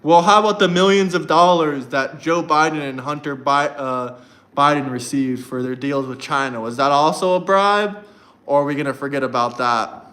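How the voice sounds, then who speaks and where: A man's voice: on the high side, moderate pace, a bit bright. Combative man hosting a livestream. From United States. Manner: combative, talks to chat. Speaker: livestream host. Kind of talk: casual livestream commentary.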